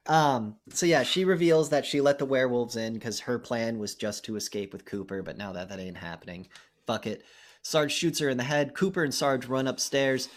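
Young male podcast co-host, middle pitch, casual and profane, lively scene-by-scene movie recaps. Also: normal speed. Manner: profane, animated retelling with acted-out lines.

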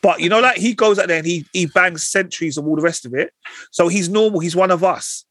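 A man in a fast, animated casual chat, using street slang. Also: high-pitched, no echo.

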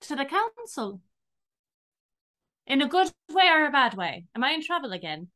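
A woman's voice: high voice, sing-song, normal speed, pushed and bright. A woman playing a ship captain in a tabletop game, playful and flirty. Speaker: player.

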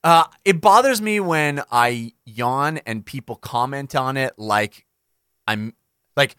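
A man's voice: medium pitch, takes it slowly, sharp tone, clear, resonant tone, dry recording, studio quality. A man co-hosting a podcast, ranting casually and profanely about a pet peeve. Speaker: podcast co-host. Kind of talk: casual chat.

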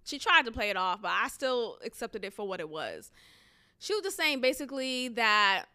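A woman in her thirties, an educator, telling a story in a casual vlog, venting in an animated way with lots of fillers and some swearing. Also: a little high, normal speed.

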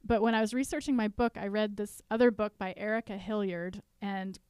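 A woman's voice: mid-range voice, steady tone, brisk, a little mellow, clean tone, no echo. A woman, an author, talking through her coping steps in a casual podcast conversation, earnest and self-deprecating. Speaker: author and guest.

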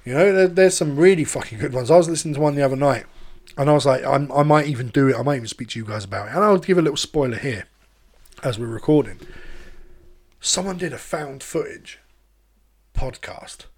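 A podcast host, chatting casually and telling animated, sweary stories. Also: male voice, mid-range voice, fairly quick. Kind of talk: casual chat.

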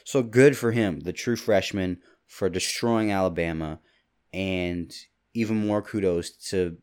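A young man in his twenties talks on his own into a pop-filtered mic, drifting from one thought to the next. His voice sits very low. He rambles and jokes with quick asides. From Kentucky. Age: 20s. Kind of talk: casual solo monologue. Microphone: studio mic with pop filter.

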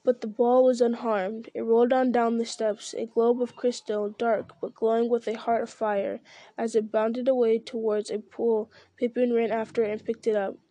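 A woman reads a novel aloud in a steady, even way, now and then tripping and restarting a word. Her voice is fairly high yet mellow, with little rise and fall. The sound is dry and close. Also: moderate pace, no echo. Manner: steady reading with small slips and restarts. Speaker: reader.

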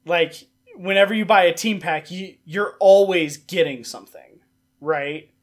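A man hosting a casual podcast, his voice on the slightly high side. He is laid-back and explains things loosely, with plenty of fillers. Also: unhurried. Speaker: podcast host. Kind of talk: casual chat.

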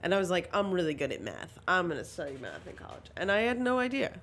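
A young woman with a fairly low-pitched voice hosts a casual podcast conversation. She talks in a laid-back, rambling way, full of "like" fillers and casual swearing. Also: huge pitch swings, quick pace, fairly bright tone, slight background noise. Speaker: podcast host. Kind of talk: casual chat.

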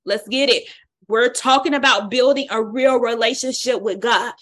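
A woman leading a Bible study, preaching with a lively exhorting style and colloquial speech. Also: a little high, moderate pace. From United States. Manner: exhorting, call-and-response, colloquial.

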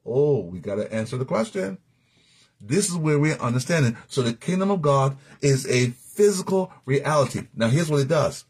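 A man's voice: medium pitch, lively intonation, normal speed, slightly rough. A man teaching a sermon as a Bible teacher, emphatic, repeating key phrases and asking the listener questions.

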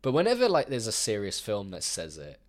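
A young man in casual film review chat, animated, swearing and acting out mock quotes. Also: lowish voice, fairly quick.

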